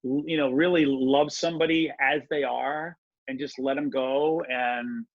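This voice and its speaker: A middle-aged man, a podcast guest, chatting casually and rambling through stories with halting restarts. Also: mid-range voice, steady tone, dry recording. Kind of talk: casual conversation. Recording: dull lo-fi dry audio.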